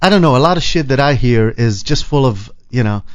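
A man's voice: mid-range voice, expressive, brisk. A man in his forties co-hosting a radio show, chatting casually with a rambling, chuckling manner. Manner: rambling, chuckling, heavy on "you know". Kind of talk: casual on-air banter.

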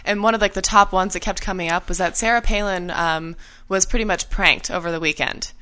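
A woman's voice: fairly low pitch, fairly even intonation, fairly quick, sharp tone, smooth. A woman co-hosting a morning radio show, chatty and giggly, telling stories animatedly in the studio. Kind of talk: casual chat.

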